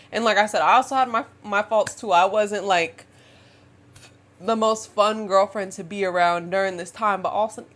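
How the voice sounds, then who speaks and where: A woman in her twenties telling a dating story as a casual storytime vlog, chatty and animated, often laughing and calling her viewers y'all and girl. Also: medium pitch. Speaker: vlogger.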